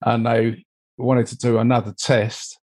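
An older man talks through a long personal anecdote in a conversational, meandering way, dropping in "you know" as he goes. His voice sits at an ordinary middle pitch for a man. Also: level tone, a little slow, darkish tone. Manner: rambling, anecdotal, frequent "you know" asides. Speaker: interview guest, mold investigator. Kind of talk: conversational storytelling.

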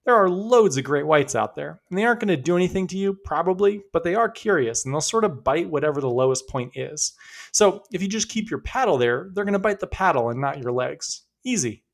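A man's voice: fairly high pitch, animated, fairly quick, vocal fry, pitched above the performer's own voice. Man puts on a casual Australian surf instructor: upbeat, offhand, a bit raised. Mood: breezy. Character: laid-back Australian male surf instructor, breezy.

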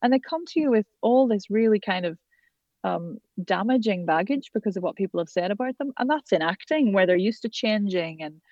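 A woman's voice: mid-range voice, expressive, a little fast, a little mellow, no echo. A woman from Ireland, a coach speaking passionately in a podcast conversation. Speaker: accent coach. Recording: dull lo-fi dry sound.

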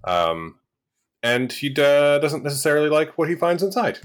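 A man co-hosting a podcast, explaining calmly in casual review chat with some hesitation. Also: a little high. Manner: measured, hesitant with fillers, explaining. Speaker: podcast co-host.

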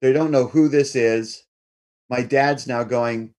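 A middle-aged man telling a personal story in a lively way, now and then putting on his family members' voices. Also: medium pitch, a little slow. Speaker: guest storyteller.

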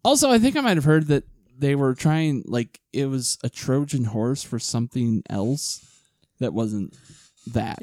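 Laid back guy cohost, slow and rambly, swears a bit, dry mic. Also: medium pitch, animated, a little mellow, no echo. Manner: unhurried, filler-heavy, swears casually. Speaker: podcast co-host. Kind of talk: casual chat.

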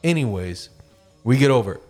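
A man hosting a podcast and telling a long, animated story, swearing freely and acting out the voices of the people in it. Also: mid-range voice, brisk, faint music behind. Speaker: podcast host. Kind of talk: casual storytelling.

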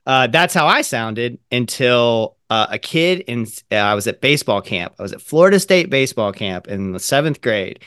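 A man from Kentucky hosting a podcast, chatty and quick to laugh. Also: medium pitch, lively intonation, fairly bright tone, smooth, no room sound. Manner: chatty, laughs easily, quick back-and-forth. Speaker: podcast host. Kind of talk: casual podcast chat. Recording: clean dry close mic.

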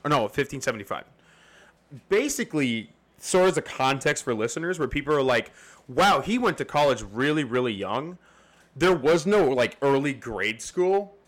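A man's voice: mid-range voice, pushed and bright. A man hosting a casual history podcast, rambling and laughing often as he explains. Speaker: podcast host.

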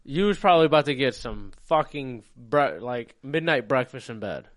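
A man's voice: medium pitch, expressive, moderate pace. A man bantering in casual chat, jumping in with teasing jokes. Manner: jokey, teasing interjections.

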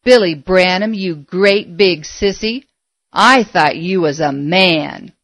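A woman's voice: medium pitch, animated, unhurried, no echo, natural voice. A woman reading aloud voicing a scornful teenage girl who taunts and mocks her date, in a dry-sounding recording. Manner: sneering, taunting.

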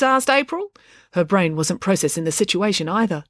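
A woman narrates a children's audiobook with expressive storytelling. Her voice is mid-pitched, recorded close and dry with no room sound. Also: moderate pace, dry recording. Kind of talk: scripted narration.

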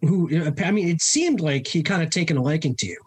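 A relaxed interviewer asking questions in a casual chat, often pausing on fillers. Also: mid-range voice, breathy edge. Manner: relaxed, hesitant with fillers, laughs along.

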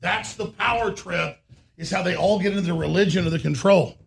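A man's voice: high voice, fairly quick, vocal fry, slightly rough. A male co-host bantering and joking with the host in a political talk show.

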